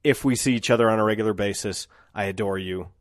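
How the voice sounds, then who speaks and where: A man's voice: lowish voice, fast talker, no echo. A man in his thirties hosting a solo podcast, talking in a reflective, rambling way with restarts. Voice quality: dry mouth. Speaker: podcast host.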